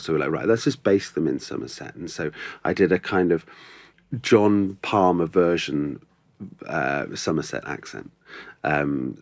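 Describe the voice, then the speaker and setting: Deep-voiced man musing in an interview. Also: a little mellow, no room sound. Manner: thoughtful, restarts often, many ums. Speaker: actor, podcast guest. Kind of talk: casual interview chat.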